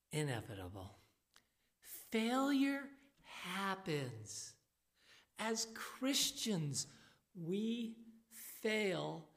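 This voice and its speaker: A woman preaching a sermon, speaking slowly and deliberately into a handheld microphone. Her pitch sits in a middle range, and she leans hard on key words, getting lively when she acts out the scripture. The sound is a church talk. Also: creaky. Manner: slow, emphatic, animated when quoting.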